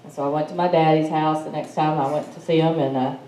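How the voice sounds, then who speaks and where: A middle-aged woman with an East Texas accent tells a personal story in a chatty, folksy way, her voice low-set and mellow. She is speaking into a roomy hall with a little noise behind her. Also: fairly even intonation, fast talker. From Malta, Texas. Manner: chatty, folksy, laughs while telling. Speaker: symposium speaker. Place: conference hall.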